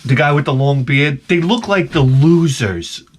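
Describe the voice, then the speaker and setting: A vlogger with a slightly high, breathy voice rambles through a comic monologue to camera at a measured pace. He keeps jumping between tangents and stammering as he restarts his sentences.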